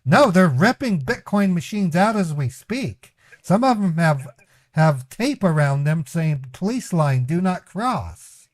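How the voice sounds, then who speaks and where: A man's voice: on the high side, big pitch swings, a little slow, no echo. A man streaming a prank call, stammering and pleading in an overwrought way. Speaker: scambaiting streamer. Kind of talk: prank call role-play.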